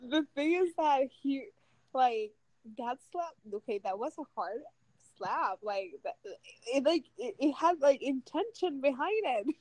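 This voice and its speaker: An excitable woman co-hosting a chatty podcast, her voice pitched a little high and recorded close and dry. She rambles through stories and laughs often. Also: measured pace, no room sound. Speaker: podcast co-host. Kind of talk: casual chat.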